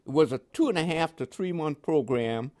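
A slightly high voice at a moderate pace belongs to an older Panamanian veteran with a New York accent shaded by West Indian tones. In an oral history interview, he tells his memories vividly, laughing frequently and voicing the dialogue himself.

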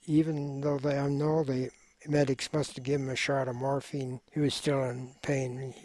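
A man's voice: medium pitch, warm tone, no echo. Older man, war veteran, hesitant and reflective, dry sound. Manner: measured, reflective, hesitant with fillers. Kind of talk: oral history interview.

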